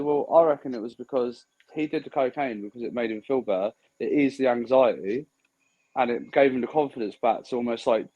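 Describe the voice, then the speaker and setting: A man's voice: mid-range voice, dark tone, highs cut off. A man in casual podcast chat, blunt and swearing freely, telling stories and acting out what others said. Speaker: podcast co-host.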